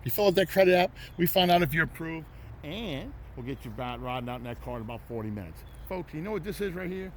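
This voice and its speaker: A man, running a folksy, loud, hard-selling walkthrough of his used car lot outdoors. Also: a little high, vocal fry, slight background noise. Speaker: used car dealership owner.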